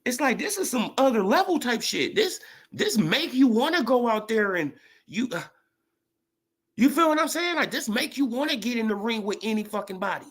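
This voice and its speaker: Animated man ranting about boxing. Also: very high voice, moderate pace. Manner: animated, profane, rising to excited rants. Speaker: boxing commentator vlogger. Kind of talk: casual monologue.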